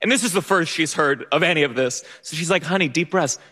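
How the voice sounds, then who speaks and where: Young man, live stage storytelling, fairly high voice, bright tone, stammering restarts, self-mocking, hall reverb. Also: fast. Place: theater stage.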